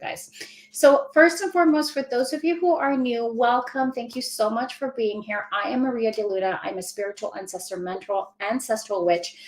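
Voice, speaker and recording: Effusive, high-voiced spiritual woman in a roomy space. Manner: gushing, effusive, greets viewers by name, laughs often. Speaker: spiritual mentor hosting a live stream. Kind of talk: casual livestream chat. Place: indoors at home.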